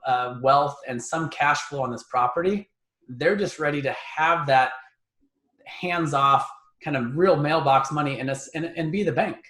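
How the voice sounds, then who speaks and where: A man's voice: on the high side, a bit bright, reverberant. A man guest on a podcast interview, talking through ideas conversationally and often repeating words as he thinks. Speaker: guest, real estate investor.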